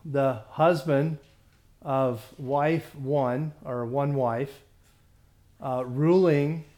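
A man teaching a Bible study class, who stumbles over his words, repeats himself and often clears his throat, reading scripture slowly. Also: mid-range voice, fairly even intonation, mellow.

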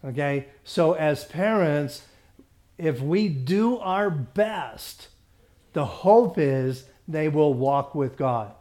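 A man pastor leads a Bible study with a voice a bit higher than most men's. He talks loosely, restarts his sentences often, and keeps checking that everyone is following. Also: animated, extremely slow, mellow. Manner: conversational, many restarts, checks in with the group.

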